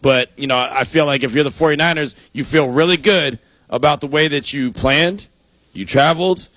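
Male co-host for sports radio, quick folksy banter, dry close mic. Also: a little high, a bit bright, no room sound. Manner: quick, joking, folksy analysis.

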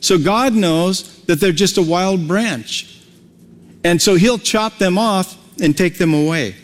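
A man's voice: high-pitched, slow pace, long reverb tail. A male pastor preaching a sermon in a folksy, conversational way, with homely everyday examples.

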